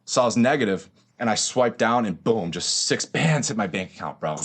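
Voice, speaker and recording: Low-voiced young man telling a story, slangy. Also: animated, normal speed, fairly bright tone, slightly rough. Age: 20s. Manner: slangy and profane, says bro a lot. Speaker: podcast guest. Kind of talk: casual storytelling.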